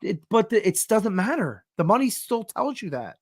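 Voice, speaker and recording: This high-pitched man swings widely in pitch as he co-hosts a podcast by video call, speaking at normal speed. He's profane, forceful, and argumentative in a heated, casual sports conversation, captured in a dry, clean studio recording.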